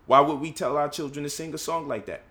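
A man's voice: fairly high pitch, quick pace, fairly bright tone. A man giving an impassioned lecture, firing rhetorical questions and mocking the voices he quotes. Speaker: speaker leading a discussion.

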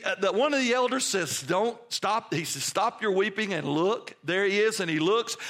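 A man preaching a sermon, telling stories with feeling and swinging from hushed to loud. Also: sits high. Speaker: pastor.

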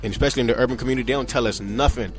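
A young man tells his story in an interview, mid-pitched and animated. He keeps checking in with the listener as he talks. Faint music plays underneath. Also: racing. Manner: animated, acts out quoted voices, frequent "you know what I'm saying". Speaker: interview guest. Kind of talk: casual storytelling in conversation.

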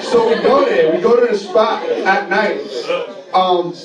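A man's voice: high voice, unhurried, dull audio, very noisy. Rambling, profane man telling stories on stage. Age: adult. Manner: rambling, profane, self-mocking. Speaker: storyteller on stage. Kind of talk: live storytelling to an audience. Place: live venue with an audience. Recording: roomy live venue, distant mic, audience laughter. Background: audience laughter.

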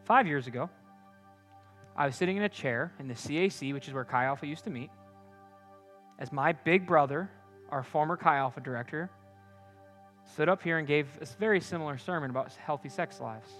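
A young man preaching a sermon to a campus group. He speaks earnestly and directly, moving between loud punchy lines and quiet confiding ones. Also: fairly high pitch, fairly quick, long pauses, faint music behind.

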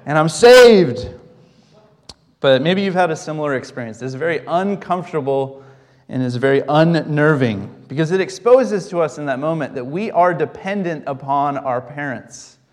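A man's voice: on the high side, long reverb tail. A young adult man giving a conversational sermon as a pastor, telling stories and asking the congregation questions.

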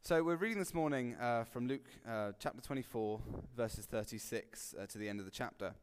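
A man giving a relaxed, conversational sermon, joking and acting out quotes with sudden loud bursts. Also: medium pitch, fairly quick, a little hiss or hum. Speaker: preacher. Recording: long hall reverb.

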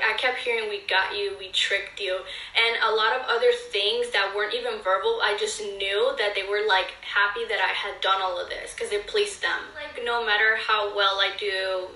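A woman's voice: medium pitch, bright, forceful tone, far from the mic. A young woman earnestly telling a personal story to her viewers in a casual, filler-heavy way. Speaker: vlogger. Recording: echoey room, voice a bit off-mic.

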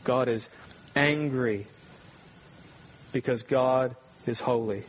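A man preaching a sermon with strong emphasis, swinging from loud, ringing peaks down to low, quiet stretches. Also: slow pace, slight background noise. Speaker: pastor.

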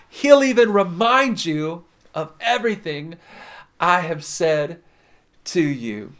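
A man preaching a sermon in a fairly high voice. He leans hard into some words and lets others drop quiet and slow. He keeps turning back to the listener. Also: animated. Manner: dynamic preaching, swings between loud emphasis and soft drawn-out words. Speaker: pastor.

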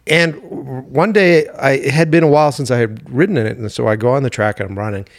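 A podcast host with medium pitch and vocal fry speaks fast as he tells stories in a casual chat. His delivery is lively and full of swearing, with exaggerated mock outrage.

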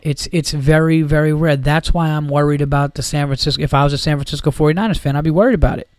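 A man's voice: fairly high pitch, steady tone, fast talker, clear, resonant tone, no echo. A man hosting a podcast, ranting about football in a heated, profane, rambling way. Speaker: podcast host. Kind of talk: casual sports rant.

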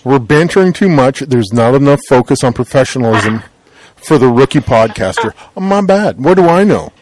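Jokey Canadian man co-host, animated delivery, casual banter. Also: mid-range voice, moderate pace, a little hiss or hum. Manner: teasing, jokey. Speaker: podcast co-host.

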